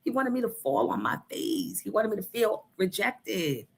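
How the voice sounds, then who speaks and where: A woman's voice: mid-range voice, sing-song, moderate pace, gravelly, breathy edge. A woman radio host telling a personal story in a brash, profane, emphatic way. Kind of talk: storytelling on a morning show.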